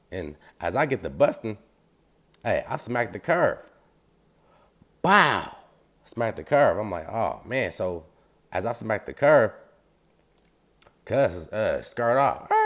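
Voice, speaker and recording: A deep-voiced man recounts a story in loose, slangy street talk. He is animated and acts out the sounds as he goes, and his low voice carries the whole tale.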